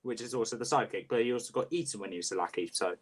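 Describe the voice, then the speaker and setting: A young man chatting casually as a co-host ranking books, halting and full of fillers. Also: lowish voice. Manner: quick, halting, many fillers. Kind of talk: casual livestream chat.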